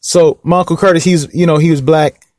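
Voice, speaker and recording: A man's voice: fairly high pitch, fairly even intonation, brisk, darkish tone, no room sound, clean studio sound. A young man casually telling a personal story to the camera, rambling and repeating himself and often asking whether you know what he means. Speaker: vlog host.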